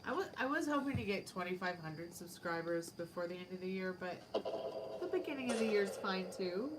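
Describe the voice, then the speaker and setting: A woman's voice: medium pitch, animated, a little fast. A woman hosting a live tarot and spirit box stream, chatting casually with viewers and spirits. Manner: chatty, talks to chat and spirits. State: sleepy, yawning. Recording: clear background noise.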